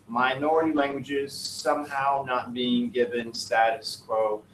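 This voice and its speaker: A man's voice: medium pitch, little pitch movement, measured pace, fairly bright tone, a little hiss or hum. A male teacher reading student work aloud to his class and giving feedback, with joking, wry asides. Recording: echoey classroom, distant mic.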